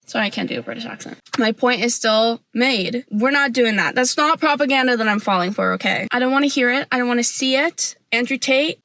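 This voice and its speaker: A young woman vlogger giving a sassy, animated opinion rant to camera, full of "like" fillers. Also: a little high, brisk, hardly any pauses, dry recording.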